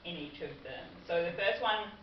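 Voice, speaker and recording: A woman's voice: fairly low pitch, expressive, normal speed, recorded from a distance, a little hiss or hum. A woman trainer giving a workplace communication lesson in a training room, explaining things in a friendly way. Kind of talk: classroom training talk. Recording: dull, roomy recording from afar.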